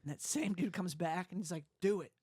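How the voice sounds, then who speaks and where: A young adult man telling his story as an interview guest, animated, often laughing and acting out the voices of others. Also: sits high, fairly quick, husky, dry recording, clean studio sound. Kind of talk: casual storytelling.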